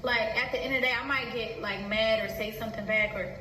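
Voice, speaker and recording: A young woman talking about herself in a halting, hesitant way, with many fillers, close to tears. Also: a little high, fairly even intonation, distant mic, slight background noise. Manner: halting, full of fillers, soft-spoken. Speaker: vlogger. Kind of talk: emotional personal confession. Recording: echoey room, from the mic.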